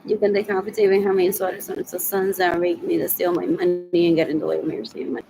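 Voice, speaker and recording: A woman's voice: fairly low pitch, little pitch movement, quick pace, over loud music, rough recording. A woman in her forties rambling agitatedly in a solo video monologue. She repeats herself and slips between English and Spanish. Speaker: vlogger asking for money.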